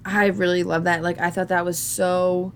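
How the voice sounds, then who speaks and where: Lower-pitched woman co-host, loose and joking, light background noise. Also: level tone, normal speed. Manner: candid, jokey, laughs often. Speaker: podcast co-host. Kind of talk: casual podcast chat about a film.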